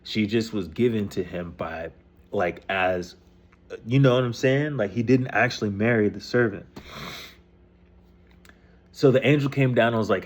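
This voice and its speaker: A man's voice: fairly low pitch, moderate pace. A man casually retelling a scripture story in loose, profane slang, reading passages aloud and then paraphrasing them. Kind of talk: casual rambling explanation.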